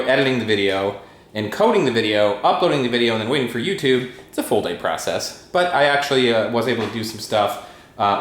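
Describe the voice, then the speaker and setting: A man's voice: medium pitch, roomy sound. Rambling man vlogging at home. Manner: rambling, relaxed, many uhs and ums. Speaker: tech YouTuber vlogging his day. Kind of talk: casual vlog talk to camera. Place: at home indoors.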